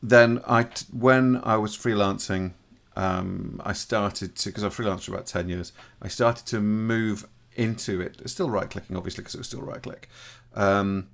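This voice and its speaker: A man's voice: on the low side, fairly even intonation, normal speed, creaky, hardly any pauses. A man from England chatting casually on a podcast, rambling with frequent restarts and self-corrections, with jokey teasing banter. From Shropshire, England.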